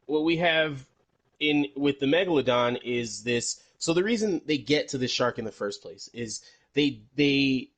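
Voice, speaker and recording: A man's voice: medium pitch, expressive, measured pace, poor audio. A man co-hosting a podcast, recapping a movie in rambling casual chat and swearing freely. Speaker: podcast co-host.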